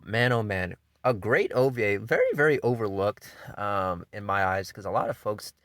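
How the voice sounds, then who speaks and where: A man casually hosting an anime countdown, talking in a loose, enthusiastic way, swearing freely and filling pauses with um and you know. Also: on the low side, lively intonation, a bit bright, dry recording, clean studio sound. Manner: laid-back and enthusiastic, with frequent swearing; loose delivery full of fillers like um and you know. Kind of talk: casual spoken countdown commentary.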